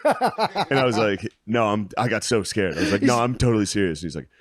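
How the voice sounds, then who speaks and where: A man's voice: on the low side, wildly swooping pitch, fairly quick, husky, no echo, clean studio sound. A man co-hosting a comedy podcast, telling funny stories in casual chat and laughing at his own jokes. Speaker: podcast co-host.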